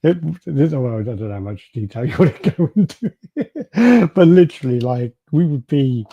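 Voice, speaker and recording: A man co-hosting a podcast in halting, sweary casual chat. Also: a little high, very animated, husky, dull audio. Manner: rambling, halting, swears, laughs often. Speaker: podcast co-host.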